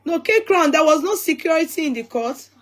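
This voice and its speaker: A woman's voice: extremely high pitch, expressive, fairly quick. A woman in casual commentary as a vlog co-host, insistent and full of questions.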